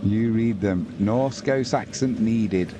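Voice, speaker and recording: Over a noisy background, a man with a lowish voice speaks at a slow pace while hosting a live football watch-along. He commentates and chats casually, addressing viewers directly and reading out their chat messages.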